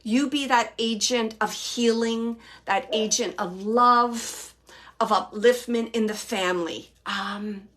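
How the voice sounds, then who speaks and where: Gentle, hesitant woman medium. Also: a little high. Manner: gentle, hesitant, many pauses and fillers; earnest, relays quoted messages softly. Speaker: psychic medium. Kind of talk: live spirit reading.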